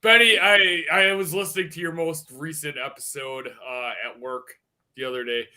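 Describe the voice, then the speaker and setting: A male co-host in casual podcast chat who laughs often and asks eager questions. His voice sits a little high for a man and sounds very bright. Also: steady tone, normal speed.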